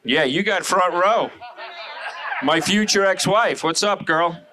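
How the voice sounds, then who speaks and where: A middle-aged man from Long Island, doing loud, brash, crude stand-up and crowd work on a showroom stage. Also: sits high, slow. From Long Island, New York. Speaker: stand-up comedian. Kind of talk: live stand-up comedy.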